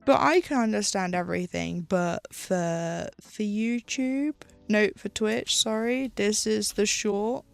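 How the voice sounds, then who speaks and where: A woman's voice: medium pitch, takes it slowly, vocal fry, hardly any pauses, smooth, faint music behind. A British woman streaming live, chatting casually while she cross-stitches, rambling and losing her thread. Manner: rambling, chatty, loses her train of thought.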